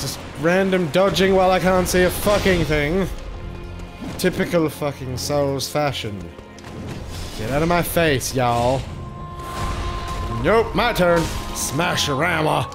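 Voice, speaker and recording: A man giving live gameplay commentary as a gaming channel host, excitable and swearing often at the game. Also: on the high side, slow. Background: game music.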